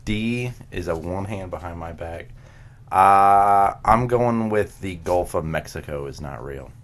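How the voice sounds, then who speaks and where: Very deep-voiced joking podcast man. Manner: loud, profane, quick jokes. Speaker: podcast co-host, quiz contestant. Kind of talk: casual joking banter.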